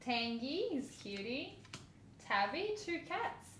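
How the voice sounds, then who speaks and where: A woman's voice: high voice, sing-song, takes it slowly, a bit bright. A woman chatting casually through a card unboxing, giggling and squealing over cute cards. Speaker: vlogger. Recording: echoey room, faint noise.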